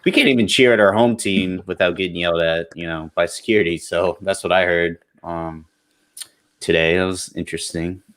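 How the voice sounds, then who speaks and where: A man's voice: low voice, steady tone, brisk, fairly bright tone. A man on a podcast panel talking earnestly and at length, laughing easily as he rambles. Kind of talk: casual podcast chat.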